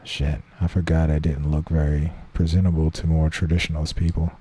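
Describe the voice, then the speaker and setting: A man's voice: very deep voice, little pitch movement, brisk, warm tone. A man casually reading a visual novel aloud, voicing its characters and swearing now and then. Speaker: let's play streamer.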